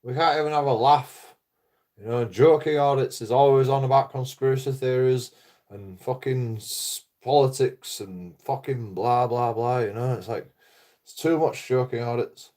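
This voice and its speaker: A man's voice: mid-range voice, normal speed, dark tone. A man rambling through a casual livestream chat, swearing a lot, repeating himself and laughing at his own jokes. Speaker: livestreaming vlogger.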